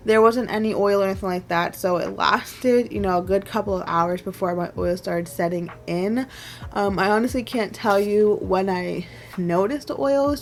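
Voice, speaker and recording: Young woman beauty vlogger, mid-pitched, loose and chatty, faint hiss behind. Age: 20s. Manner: chatty and rambling, many "like"s and soft laughs. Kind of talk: casual makeup wear-test chat.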